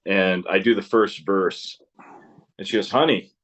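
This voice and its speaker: Deep-voiced man telling stories, swearing. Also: level tone, measured pace, a bit bright, muffled recording. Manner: rambling storyteller, swears freely, laughs often. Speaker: interview guest, musician. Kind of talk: casual interview chat.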